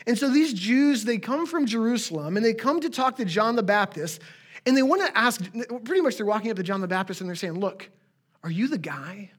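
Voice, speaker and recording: A man's voice: high voice, expressive, a little fast. A man preaching a conversational sermon as a pastor to his congregation, with friendly asides.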